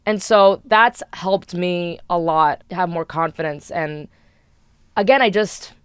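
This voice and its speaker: Woman podcast co-host, smooth clear voice, dry close sound, candid. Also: lowish voice, takes it slowly, dry recording. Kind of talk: casual podcast chat.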